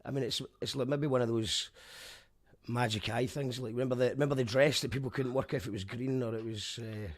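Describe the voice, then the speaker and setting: A male radio host chatting casually, halting and rambling as he talks. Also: mid-range voice, steady tone. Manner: hesitant, rambling with many restarts.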